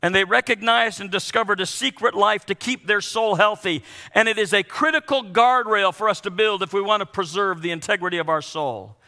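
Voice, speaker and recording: An older man preaches with a high, bright voice that carries, his words ringing out through a long hall reverb. He delivers the sermon with animated storytelling and slips into playful voices for the people he describes. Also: a little fast. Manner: animated, acts out kids' and others' voices. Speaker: pastor.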